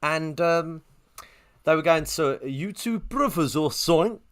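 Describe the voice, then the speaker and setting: Man, podcast co-host, lively swooping pitch, slightly raised voice, casual storytelling. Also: unhurried. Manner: animated storyteller, jumps pitch for quoted voices. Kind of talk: casual anecdote telling.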